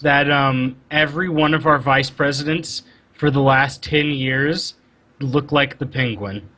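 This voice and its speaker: A man's voice: medium pitch, steady tone, a little slow, pushed and bright. A young man co-hosting a casual podcast chat, playful and teasing. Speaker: podcast co-host.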